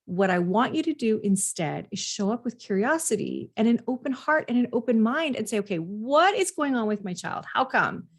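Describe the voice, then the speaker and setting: A woman's voice: medium pitch, a little mellow. A woman parenting coach giving direct advice, speaking earnestly straight to the listener.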